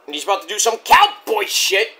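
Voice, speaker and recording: High, animated man recapping a show. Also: a little fast, slightly rough. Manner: loose, profane play-by-play retelling; rambling with frequent restarts. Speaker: wrestling show reviewer. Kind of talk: casual recap review.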